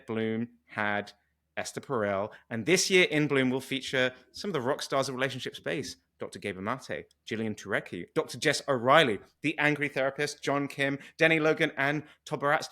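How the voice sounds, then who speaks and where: A man's voice: mid-range voice, bright, forceful tone. A British man hosting a casual podcast interview, chatty and enthusiastic with a joking streak. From Britain. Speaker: podcast host.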